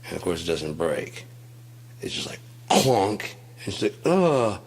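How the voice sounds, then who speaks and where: A man with a very low voice rambles through a profane, storytelling rant. He talks casually and slips into acted quotes. His voice is deep and gruff. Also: animated, a little slow. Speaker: host.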